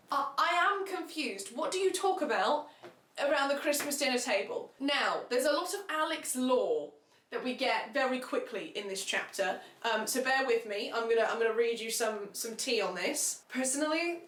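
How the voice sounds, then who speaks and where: A woman giving a sarcastic, animated comedic recap of a book, full of asides. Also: a little high. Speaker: book reviewer. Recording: echoey room.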